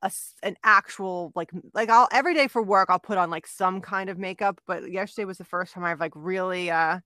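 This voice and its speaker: A woman's voice: fairly low pitch, brisk, bright, forceful tone, no room sound, clean studio sound. A woman co-hosting a podcast, chatting casually and a little self-deprecating. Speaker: podcast co-host. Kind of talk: casual chat.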